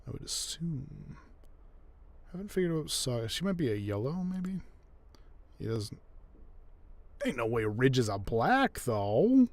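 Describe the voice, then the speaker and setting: Lively, slow-talking man playing a game. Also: medium pitch, dry recording. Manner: chatty, wry asides. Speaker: gaming video creator. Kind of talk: casual gameplay commentary.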